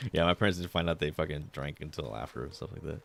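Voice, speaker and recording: A man's voice: extremely low pitch, fairly quick, creaky, a bit bright. A man in his thirties streaming a game, chatting casually in a rambling, laid-back way, swearing often and dropping in Spanish words. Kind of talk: casual chat while gaming.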